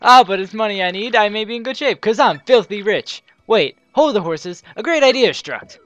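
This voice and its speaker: A woman's voice: medium pitch, animated, a bit bright, dull audio, lightly acted. Woman hamming up a vain rich merchant. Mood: theatrical. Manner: grand, theatrical foreign-sounding put-on accent, slow drawn-out delivery. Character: flamboyant wealthy male merchant, vain and dramatic. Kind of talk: reading game dialogue aloud in character.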